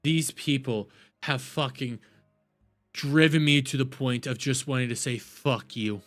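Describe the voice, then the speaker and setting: A man from the United States, a live streamer, ranting furiously, swearing often, shouting and repeating himself. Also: mid-range voice, fairly even intonation, a little slow, faint music behind. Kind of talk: angry live-stream rant.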